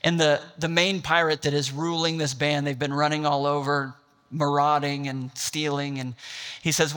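A man's voice: on the high side, level tone, moderate pace, fairly bright tone, big-room sound. A man preaching a sermon, retelling a film scene and building to an impassioned, rising climax. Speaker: pastor.

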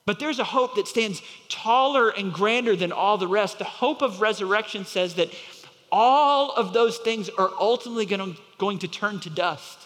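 A man with a fairly high voice preaches an earnest sermon in a church sanctuary. He builds to emphatic peaks, then drops low and slows down on scripture. A long hall reverb trails behind each phrase. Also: a bit bright. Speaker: pastor.

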